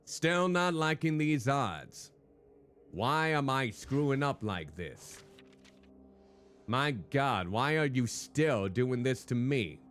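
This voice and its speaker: A man streams a game live, speaking slowly but very animated, his medium-pitched voice fairly bright. He hams up a hardboiled noir private-eye act, chatting with viewers and welcoming them by name against faint background music.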